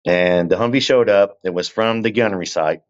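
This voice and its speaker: A man, a guest telling a long story in a relaxed, conversational way and often turning to the listener with asides. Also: fairly low pitch, fairly quick, clean tone, highs cut off. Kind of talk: casual storytelling.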